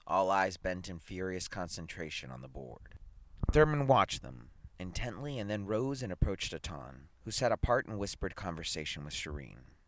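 A man reading a science fiction story aloud with expressive storytelling. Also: deep voice, moderate pace. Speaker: reader.

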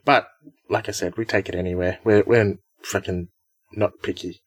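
A man's voice: sits low, steady tone, moderate pace, husky, no room sound. A man hosting a podcast in casual chat, upbeat and chatty, laughing often. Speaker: podcast host.

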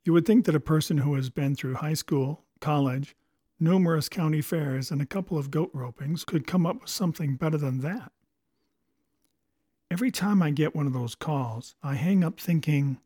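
A man's voice: on the high side, moderate pace, mellow, no echo. A man reading humorous essays aloud in a dry, wry, self-mocking way. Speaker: reader of a humor column collection.

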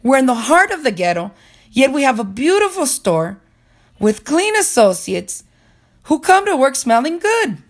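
A woman's voice: high-pitched, big pitch swings, measured pace, pitched above the performer's own voice, heavily acted. A woman voicing a stern middle-aged female interviewer who lectures firmly about standards.

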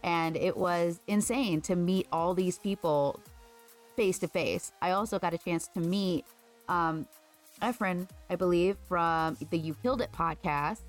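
A woman's voice: fairly low pitch, a little slow, soft background music. A woman co-hosting a podcast in casual chat, upbeat and chatty with many fillers. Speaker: podcast co-host.

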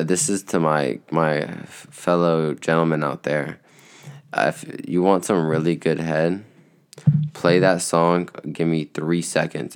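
A man's voice: deep voice, clean tone. A young man in casual, rambling vlog chat, laid-back and profane, sounding tired. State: tired, yawning. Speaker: vlogger.

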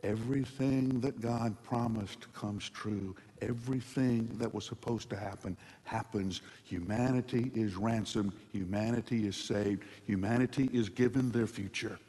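A man preaching a sermon dramatically, moving between hushed passages and loud ones, in a large hall. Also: on the low side, husky. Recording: long hall reverb.

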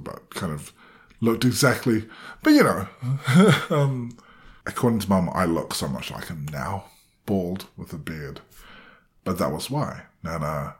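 A young man in his twenties tells a personal story in a wandering, self-deprecating way, acting out the voices of the people in it. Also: low-pitched.

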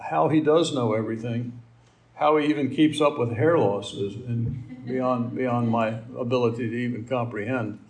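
Male preacher, middle-aged, gravelly, conversational and folksy sermon delivery. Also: mid-range voice, fairly even intonation, normal speed, a little mellow. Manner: folksy, rambling, with asides and fillers.

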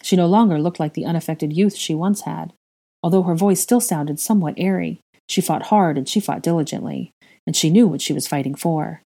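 A woman reading a story aloud, narrating calmly and lifting her voice sharply when characters cry out. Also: low-pitched, brisk, gravelly. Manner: emotional, raises voice sharply for dialogue. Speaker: fan fiction reader.

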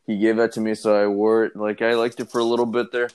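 Chill young dude, low voice, agreeing along in a casual podcast chat. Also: male voice, little pitch movement, fast, a little mellow, clear, resonant tone. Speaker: podcast co-host.

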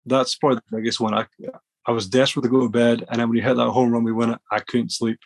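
A man's voice: mid-range voice, level tone, fast. A man from Scotland, a podcast guest telling rambling stories with many restarts. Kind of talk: casual storytelling.

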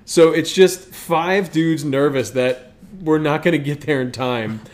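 Man, comic storyteller, slightly high voice, rambling, self-mocking. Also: measured pace, darkish tone. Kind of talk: comedic storytelling.

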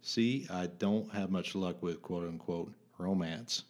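A man's voice: low-pitched, a little slow, lo-fi sound. A man co-hosting a podcast, reading a magazine quiz aloud in a playful, joking way. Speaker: podcast co-host.

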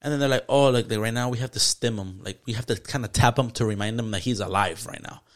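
Fast-talking man swearing through a story. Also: mid-range voice. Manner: storytelling with heavy swearing and slang. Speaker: podcast co-host. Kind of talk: casual chat.

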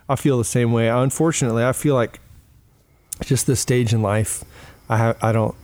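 Brief: male podcast co-host, relaxed and rambling, dry room. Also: mid-range voice, moderate pace, no room sound. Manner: rambling, easygoing, laughs often. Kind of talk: casual podcast chat.

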